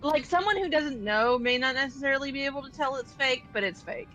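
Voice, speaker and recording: Chatty girl, really high voice, quick comments over quiet game music. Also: low-quality recording. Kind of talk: casual chat.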